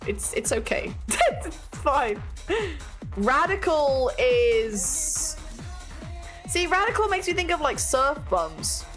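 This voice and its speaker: British woman streamer, chatty and giggly, lively pitch, music quietly behind. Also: slow pace. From Britain. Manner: chatty, giggly, self-mocking. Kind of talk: casual chat stream. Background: faint music playing.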